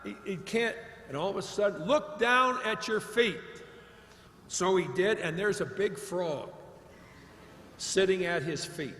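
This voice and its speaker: Man from Ohio, commencement speaker, blunt folksy anecdotes, high bright voice, long hall reverb. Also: measured pace, a little hiss or hum. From Ohio, United States. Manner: blunt, emphatic storyteller. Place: large hall at a graduation ceremony.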